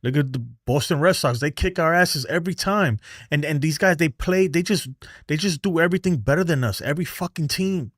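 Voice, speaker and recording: A man's voice: on the high side, brisk, fairly bright tone, dry recording, clean studio sound. A man hosting a baseball fan show, ranting heatedly on a livestream and reading chat messages, exasperated, profane, and often repeating himself.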